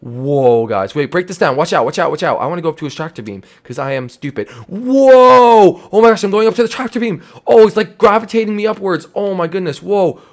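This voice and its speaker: A young man hosting an improvised game role-play, talking in an excitable, exclamatory, rambling way. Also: high-pitched, a little fast, hardly any pauses. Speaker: host.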